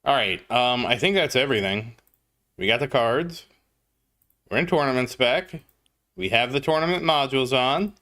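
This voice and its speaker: Male streamer, chatty and upbeat, bright tone with lots of pitch movement, talks to his chat while playing. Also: animated, moderate pace, long pauses. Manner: chatty, greets chat viewers by name. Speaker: gaming livestreamer. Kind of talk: casual gameplay commentary.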